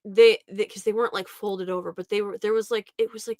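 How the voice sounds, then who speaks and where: A woman's voice: mid-range voice, steady tone, fairly quick, few pauses, a little mellow, dry recording, studio quality. A young woman telling a family story in a casual, rambling way, often laughing as she talks. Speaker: podcast host.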